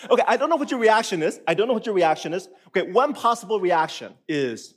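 Guy pastor giving a sermon, high lively voice, kinda husky, plays out people's reactions. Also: a little fast. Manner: animated, acts out listeners' reactions with laughs. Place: church auditorium.

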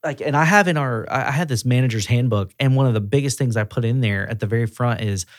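A regional director of auto repair shops talks fast in a medium-pitched male voice during a casual podcast interview, acting out the dialogue in his stories like an animated storyteller. The studio recording is clean, with no echo.

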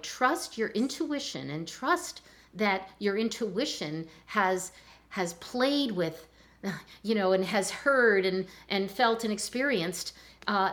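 An older woman, a chiropractor, talking in a relaxed interview and telling stories with lively acted-out voices. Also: mid-range voice. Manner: animated storyteller, acts out voices in anecdotes. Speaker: chiropractor guest. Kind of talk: conversational interview.

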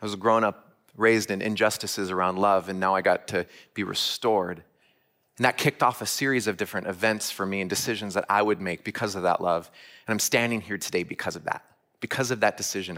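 Man, sermon, low-pitched, earnest storytelling, direct questions to the congregation. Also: fairly bright tone. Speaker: church speaker.

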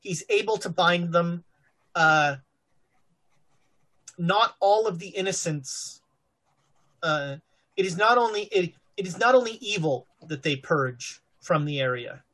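Woman game master, hesitant narration, lively pitch, slightly husky tone. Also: unhurried, pauses often. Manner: hesitant, many fillers while narrating. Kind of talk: narrating a tabletop horror game.

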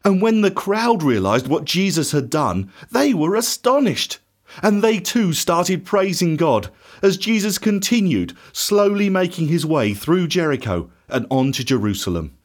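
A man narrating a children's Bible story in an expressive, animated way. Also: on the high side, measured pace.

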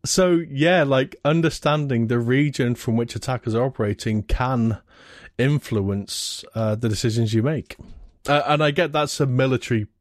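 A man with a military and defense background, explaining things in a measured way during a casual panel discussion. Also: medium pitch, no room sound, studio quality.

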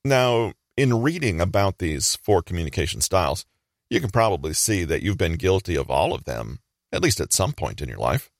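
Deep-voiced male narrator, lively delivery. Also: gravelly, dry recording, clean studio sound. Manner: measured, explanatory delivery. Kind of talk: scripted narration.

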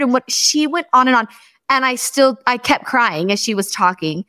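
A woman hosting a podcast, chatting casually and telling animated stories, acting out the quotes of the people in them. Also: a little high, moderate pace, smooth, no room sound, clean studio sound. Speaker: podcast host. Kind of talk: casual chat.

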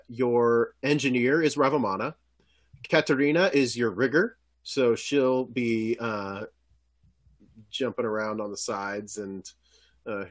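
Man, game master, tabletop narration, easygoing, lots of uhs. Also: mid-range voice. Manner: relaxed, hesitant with fillers.

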